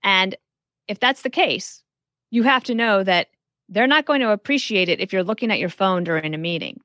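A woman's voice: mid-range voice, animated, moderate pace, fairly bright tone, no room sound. A woman guest on a podcast interview, frankly giving career advice and telling stories from her work. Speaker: guest author.

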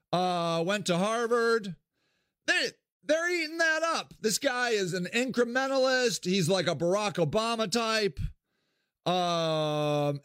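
A man's voice: smooth, no echo, studio quality. A man from Ohio giving a candid solo monologue as a podcast host, blunt and swearing freely. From Akron, Ohio, US. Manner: blunt, swears freely, animated swings in pitch.

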